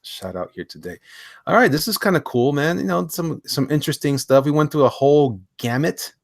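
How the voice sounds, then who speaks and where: A man's voice: on the high side, brisk, creaky, dry recording, clean studio sound. A man hosting a casual live stream, jokey and chatty, reading viewer comments aloud and laughing often. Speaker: host.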